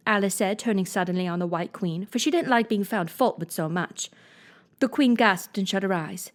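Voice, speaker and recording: A woman reading a classic storybook aloud in an expressive manner. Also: mid-range voice, normal speed. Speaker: reader.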